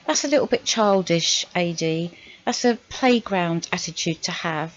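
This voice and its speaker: A woman's voice: on the low side, expressive, a little slow, no echo, lo-fi sound. A woman hosting her channel, commenting on clips with exasperated, sarcastic rhetorical questions. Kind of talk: reaction commentary.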